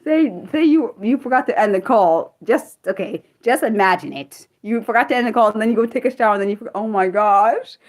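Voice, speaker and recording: A woman's voice: a little high, a little fast, hardly any pauses. Woman hosting an unscripted livestream; rambling, apologetic, chatty reactions to viewers. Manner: rambling, often apologizing, reacting to chat comments. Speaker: livestream host. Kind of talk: casual unscripted livestream chat.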